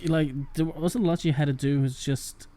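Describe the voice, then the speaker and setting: Higher-voiced teasing male podcast co-host. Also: steady tone, brisk, dark tone, a little hiss or hum. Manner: crude, teasing, critiques art. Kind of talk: casual comic chat.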